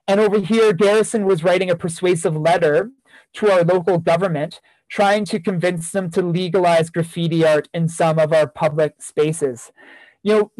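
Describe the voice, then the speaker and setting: A man's voice: high-pitched, darkish tone, no room sound, rough recording. A man giving a keynote talk, earnestly telling a story from his years as a teacher, with repeated phrases for emphasis. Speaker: keynote speaker, former teacher.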